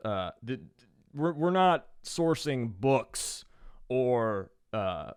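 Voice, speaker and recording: A man's voice: on the low side, clean tone, no room sound, clean studio sound. Sardonic rambling man from Georgia. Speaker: podcast co-host. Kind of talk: casual podcast chat.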